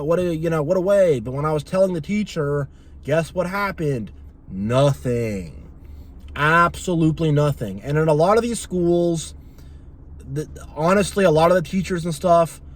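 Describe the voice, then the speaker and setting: A man's voice: a little high, animated, unhurried. A young man talking in a casual, opinionated and rambling monologue as a channel host. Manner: opinionated, rambling, acts out quoted voices.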